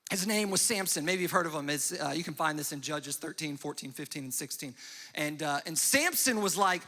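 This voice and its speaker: A man's voice: on the high side, animated, pushed and bright, big-room sound. A young man preaching a sermon as a pastor, telling a story and briefly acting out its characters. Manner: storytelling with quick acted-out voices and asides. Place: church hall.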